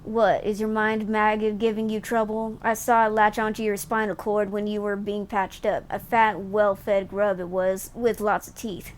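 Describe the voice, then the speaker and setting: A woman's voice: mid-range voice, little pitch movement, moderate pace, hardly any pauses, lightly acted. A woman reading as a scornful snake-like alien. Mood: contemptuous. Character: scornful snake-like alien gladiator leader, male.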